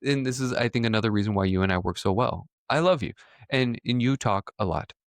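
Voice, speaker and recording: A young man co-hosting a podcast, telling lively stories in a relaxed casual conversation. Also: mid-range voice, a little fast, no room sound, studio quality. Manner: lively storyteller, says he prefers listening. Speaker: podcast co-host.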